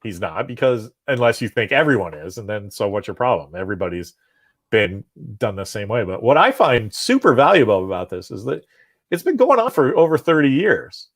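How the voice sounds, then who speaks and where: A man with a medium-pitched voice speaks fairly quickly as a guest in a relaxed comics conversation. Animated and chatty, he talks at length and keeps tagging "right?" onto what he says.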